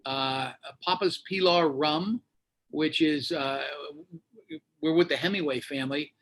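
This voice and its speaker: Speaking at a measured pace in a slightly high voice, a male radio host from the United States tells a story in casual conversation in Florida. He's animated and acts out the people he quotes.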